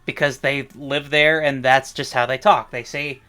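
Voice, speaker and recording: A man's voice: medium pitch, level tone, a little slow, sharp tone, smooth. A man with a Midwestern American accent chatting casually on a livestream, musing and playful. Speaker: streamer.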